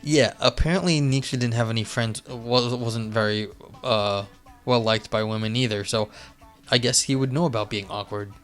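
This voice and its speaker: Male streamer, casual and rambling, with a smooth tone. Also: medium pitch, moderate pace. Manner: rambling, many fillers and restarts. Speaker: live streamer. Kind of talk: casual live-stream chat and reading aloud. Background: faint music.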